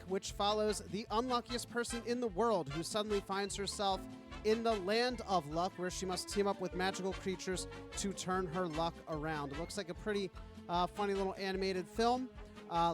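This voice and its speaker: A man co-hosting a podcast, talking in a chatty, jokey way. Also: high voice. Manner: chatty, jokey, trails into laughs. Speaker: podcast co-host. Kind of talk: casual chat.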